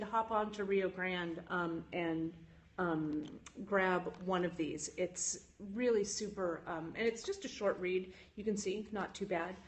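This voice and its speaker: A woman hosting a casual phone livestream from her jewelry studio, chatting with viewers with frequent "um"s. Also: medium pitch. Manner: chatty, with frequent "um"s, reads and answers viewer chat. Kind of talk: casual live-stream chat.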